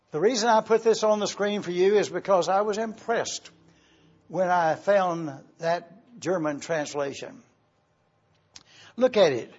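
Slow, husky-voiced preacher man. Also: high voice, lo-fi sound. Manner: slow, deliberate teaching with spelled-out Greek words. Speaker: pastor. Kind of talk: sermon. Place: church.

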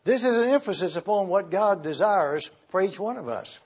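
A man preaching a sermon in a high, husky voice, unhurried and deliberate as he spells out Greek words letter by letter. The recording is muffled and lo-fi, like an old church tape. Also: expressive, a little mellow. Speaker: pastor.

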